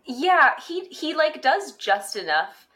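A woman's voice: high voice, slow pace. A woman co-hosting a podcast, chatting casually and working through her notes on a TV episode. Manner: relaxed, amused, reads from her notes. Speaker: podcast co-host. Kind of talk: casual recap chat.

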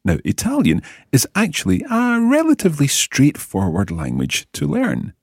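A man's voice: a little high, wildly swooping pitch, normal speed, creaky, husky, no room sound, clean studio sound. A man hosting a language-lesson podcast as the teacher, with an enthusiastic, teacherly delivery.

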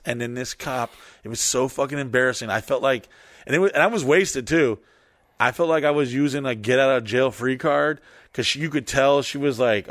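Profane, animated man telling a story. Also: mid-range voice, no echo, studio quality. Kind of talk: casual chat.

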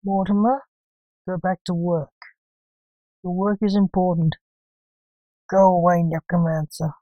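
A woman's voice: on the low side, steady tone, measured pace, dry recording, lo-fi sound, natural voice. A woman reading the part of a strict, commanding male assistant who orders his boss around. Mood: bossy.

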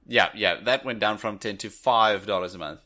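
Bright-voiced, chatty podcast co-host. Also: male voice, lowish voice, normal speed. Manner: chatty, laughs while talking. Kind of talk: casual chat.

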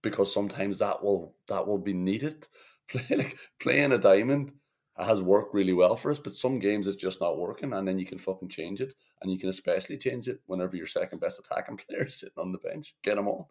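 A man's voice: sits low, fairly quick, darkish tone. A man co-hosting a football podcast, chatting bluntly with swearing and laughs. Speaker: podcast co-host. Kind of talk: casual football chat.

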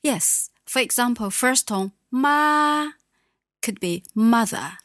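A woman teaching Mandarin, a native speaker who patiently models words slowly and clearly. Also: a little high, no echo, clean studio sound. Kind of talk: language teaching.

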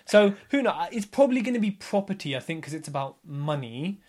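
Brief: man in his thirties, a podcast guest with a slightly higher voice, lively and chatty, acts out quotes. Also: brisk. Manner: animated storyteller, acts out others' lines. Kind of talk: casual podcast chat.

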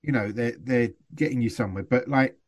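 A man's voice: medium pitch, fairly quick. A man, a guest actor, chatting casually on a podcast in a self-deprecating way, often laughing and trailing off.

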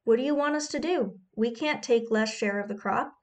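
Woman doing poor tenant farmer guys, desperate, pleading, urgent, kinda high voice, storybook reading. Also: normal speed, lightly acted.

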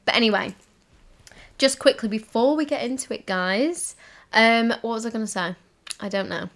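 Recording her laid-back solo podcast indoors in a cozy home room, this young host talks in a giggly, meandering way, full of filler words. Her voice is a little high and fairly bright, at a moderate pace.

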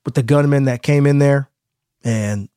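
A man co-hosting a casual podcast, telling stories in an animated way and laughing easily. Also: mid-range voice, normal speed, clear, resonant tone, no echo, clean studio sound. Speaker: podcast co-host.

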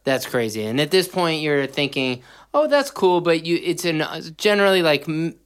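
A man's voice: on the high side, normal speed, a bit bright, clean tone. A man hosting a casual interview, reacting briefly and asking follow-up questions.

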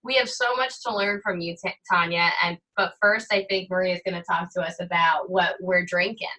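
A woman's voice: lowish voice, steady tone, fairly quick, bright, forceful tone, rough recording. A woman in her thirties co-hosting a podcast in casual chat, playful and teasing, laughing often. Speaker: podcast co-host.

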